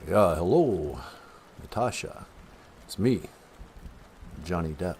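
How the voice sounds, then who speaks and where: A rambling, deadpan male caller, played by a man in a comedy phone-in bit. His voice is low, with a lively, bouncing pitch. A faint background hiss sits under the talk. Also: takes it slowly, heavily acted. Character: male caller posing as a movie star.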